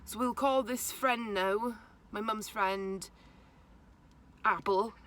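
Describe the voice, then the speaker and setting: A young woman, haltingly retelling a personal story to camera, with many restarts. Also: medium pitch, a bit bright. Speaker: vlogger.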